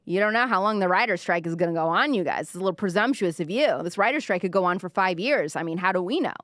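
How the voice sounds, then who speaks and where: A woman's voice: lowish voice, expressive, fast talker, a bit bright, dry recording, studio quality. A woman hosting a live-stream commentary show, talking sarcastically and mockingly. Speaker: podcast host.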